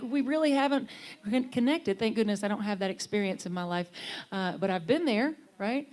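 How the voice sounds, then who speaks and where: A middle-aged woman minister giving a conversational, earnest sermon, sometimes lifting her voice for emphasis and sometimes dropping to a hush. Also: medium pitch. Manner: earnest, conversational, swings from bright emphasis to soft hushed lines.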